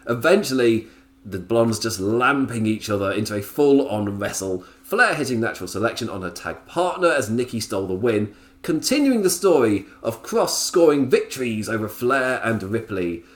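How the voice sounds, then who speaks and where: Animated, chatty man. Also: medium pitch, moderate pace. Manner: chatty, laughs often, drifts into tangents. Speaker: podcast host reviewing wrestling. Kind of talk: casual solo podcast review.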